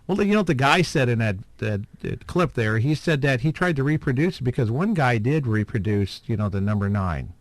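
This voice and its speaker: A man's voice: medium pitch, lively intonation, brisk, few pauses, no room sound. A man hosting a podcast, chatting casually in a rambling, hesitant way with many fillers and chuckles. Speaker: podcast host. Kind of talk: casual chat.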